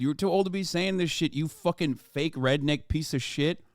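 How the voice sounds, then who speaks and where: A man's voice: a little high, moderate pace, dry recording, studio quality. A man streaming his reaction to a video in a sarcastic, profane, mocking way. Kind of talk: casual reaction commentary.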